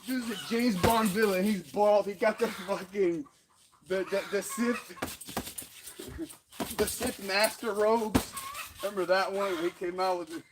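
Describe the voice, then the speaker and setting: Guy chatting between punches out in the yard, high swoopy voice, loud roosters and dogs in the background. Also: unhurried, background noise. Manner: loose, rambling, swears freely, laughs often. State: breathing hard from boxing bagwork. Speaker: fitness vlogger. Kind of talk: casual rambling talk during a workout. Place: outdoor home gym under trees on rural land.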